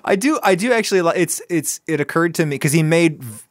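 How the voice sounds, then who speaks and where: A man co-hosting a podcast in casual chat, halting and full of fillers, laughing often. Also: on the high side, expressive, no echo, studio quality. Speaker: podcast co-host.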